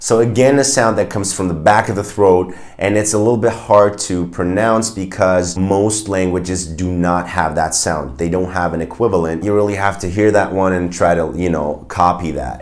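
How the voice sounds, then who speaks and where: A man with a German accent who speaks German as his first language gives a patient, clear language lesson. His voice sits a little on the low side. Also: a little mellow. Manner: clear, patient explaining with spoken examples. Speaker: language teacher.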